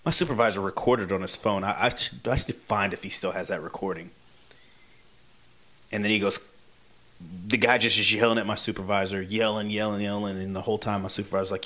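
A man with a slightly low voice recounts a personal story in an easy, conversational way. His delivery is wry, and he leans on repeated words for emphasis. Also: fairly even intonation, fairly quick, a bit bright. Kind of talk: casual personal anecdote.

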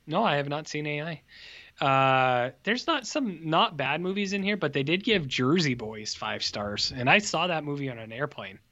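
A man's voice: on the high side, lively intonation, moderate pace, sharp tone, dull audio. A man co-hosting a casual movie review podcast, joking and rambling with mock exclamations. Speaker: podcast co-host.

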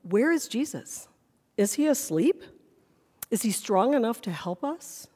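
A woman's voice: fairly high pitch, warm tone, in a large hall. A woman pastor preaching a sermon in a church sanctuary, earnest and full of questions.

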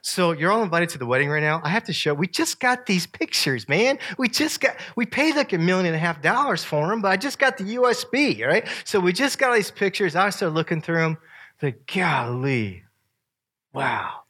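A man, joking with an audience as he walks through family photos, swinging from loud to soft. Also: high voice, big pitch swings, normal speed. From Virginia. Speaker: speaker sharing family photos. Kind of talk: casual talk to an audience.

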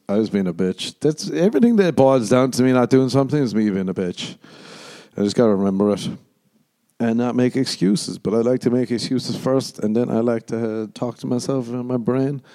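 A man's voice: mid-range voice, fairly quick, warm tone. A young adult man from Ireland with an Irish accent, hosting a solo podcast, rambling and swearing, slipping into jokey mock voices. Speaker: podcast host.

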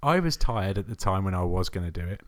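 A man hosting a podcast in casual chat, brisk and matter-of-fact with self-deprecating jokes. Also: deep voice, animated. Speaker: podcast host.

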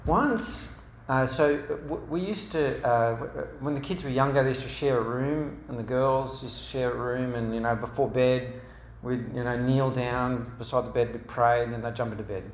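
A man's voice: mid-range voice, fairly even intonation, normal speed, slight background noise. A man giving an earnest church talk to parents, telling stories and piling up examples in long lists. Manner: earnest, storytelling, repetitive lists. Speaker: speaker at a parents' meeting. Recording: roomy hall with faint ambience.

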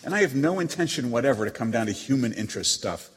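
A man's voice: medium pitch, expressive, fast talker, husky. A man reading as a proud, witty émigré novelist. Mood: haughty. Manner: haughty, dryly teasing. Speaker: letter reader. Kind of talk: dramatized letter reading. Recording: long hall reverb.

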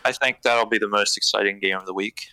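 Bright, crisp young man giving football picks. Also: fairly low pitch, steady tone, quick pace, no echo, rough recording. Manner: short, confident predictions. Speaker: podcast guest. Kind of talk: casual football podcast chat.

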